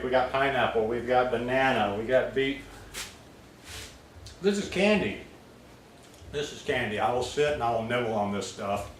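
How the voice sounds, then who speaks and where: A man's voice: medium pitch, slight background noise. A man chatting casually as a vlogger at his home, rambling and full of fillers. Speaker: vlogger making smoothies. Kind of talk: casual chat. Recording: roomy, distant mic, faint ambience.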